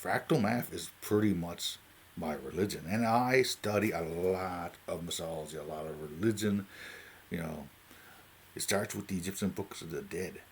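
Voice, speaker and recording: Low-voiced Newfoundland man rambling. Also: a little hiss or hum. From Newfoundland, Canada. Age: 40s. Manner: rambling, jumps between tangents, keeps asking "right?". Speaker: vlogger. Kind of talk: unscripted talk to camera.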